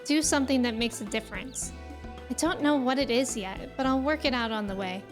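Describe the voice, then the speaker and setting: A woman's voice: high-pitched, fairly quick, music in the background, lightly acted. A woman reading the lines of a plain-spoken young commoner in a fantasy game, eager to help, in a casual, earnest way.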